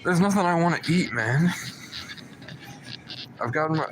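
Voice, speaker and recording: A man's voice: fairly high pitch, animated, moderate pace, noisy background. A man livestreaming from his phone, telling a rambling, profane story in casual, brash speech. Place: outdoors riding around town, then in a store.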